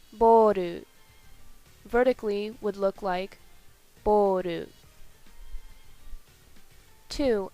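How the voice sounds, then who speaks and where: A woman reading a scripted language lesson carefully, slowing down to spell out each example. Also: medium pitch. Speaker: language teacher.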